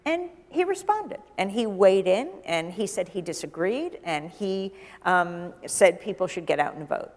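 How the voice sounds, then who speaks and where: A middle-aged woman journalist, a guest in an onstage conversation, telling a lively anecdote and acting out the dialogue. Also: medium pitch, a little slow. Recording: long hall reverb.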